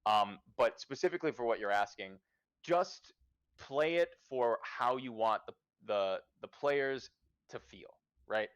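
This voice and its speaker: A man's voice: mid-range voice, animated, unhurried, clean tone. A man hosting a casual livestream chat, giving profane, emphatic advice as a game master. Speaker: podcast host and dungeon master.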